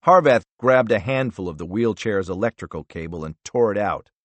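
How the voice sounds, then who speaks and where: A man reads a thriller audiobook in a measured, low-key way. His voice sits low but moves with lively pitch, and the sound is dry and close. It fits a studio narration. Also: no echo. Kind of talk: scripted narration.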